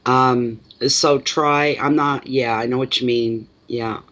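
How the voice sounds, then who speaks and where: Doing a live tarot reading, a man with a Canadian accent chats plainly, repeats words for emphasis, and responds to comments from the chat. His voice is mid-range in pitch, steady, slow, and fairly bright. The recording itself sounds dull and lo-fi.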